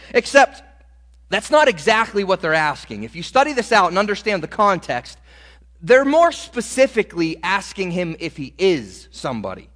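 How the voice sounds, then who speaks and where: A man preaches a sermon in a high, lively voice, acting out Bible dialogue with swelling emphasis. His words ring with a long reverb from a large hall. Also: normal speed.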